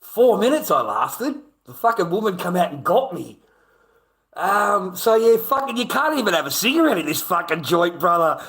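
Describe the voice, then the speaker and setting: A man's voice: high-pitched, big pitch swings, moderate pace, fairly bright tone. Profane rambling man telling a story. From America. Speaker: streamer. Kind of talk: casual storytelling.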